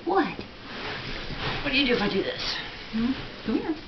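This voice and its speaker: At home, a woman coos and baby-talks to a pet in a sing-song voice, speaking at normal speed in a slightly high register. The handheld-camera footage sounds dull, with steady noise throughout.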